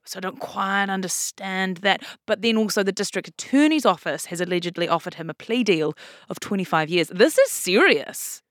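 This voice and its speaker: A woman's voice: medium pitch, lively intonation, no echo. Brief: New woman, podcast news co-host, chatty and amused, dry close sound. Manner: chatty, amused, quick to laugh. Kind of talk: casual news chat.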